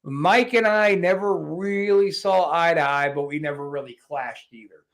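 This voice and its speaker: A man hosting a podcast, telling stories in a brash, profane, animated way. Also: on the high side, moderate pace, creaky. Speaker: podcast host. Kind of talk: casual podcast storytelling.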